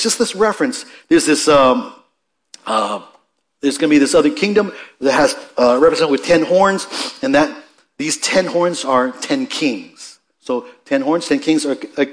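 A man teaching a Bible study in a conversational way, with frequent restarts and asides, rising in emphasis and then dropping to quiet remarks. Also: on the high side.

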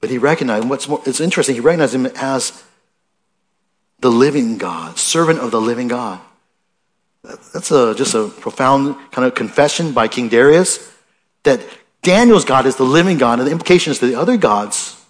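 A man's voice: medium pitch, lively intonation, normal speed, long pauses. Male preacher, conversational sermon delivery, mid-range voice, heightened scripture readings. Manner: conversational, asks the listeners questions, restarts often; reads scripture aloud with rising emphasis.

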